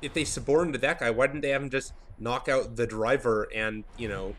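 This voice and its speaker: A man's voice: mid-range voice, normal speed, a bit bright. A man giving casual commentary over a video game, rambling and losing his train of thought. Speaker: let's play commentator.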